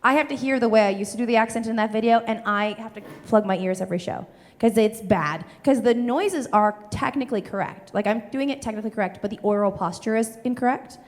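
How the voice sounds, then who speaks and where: A woman speaks in a cartoonish transatlantic accent, breathy and pushed down into the chest. Her voice sits a touch high for a woman as she explains eagerly to an audience, filler words tumbling in. The sound rings out with the long reverb of a theater hall. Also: fast. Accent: cartoonish transatlantic stage accent. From Canada. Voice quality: breathy, low in the mouth, chest voice. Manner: animated explaining, many filler "like"s. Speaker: comedian in character. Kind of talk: stage Q&A with audience.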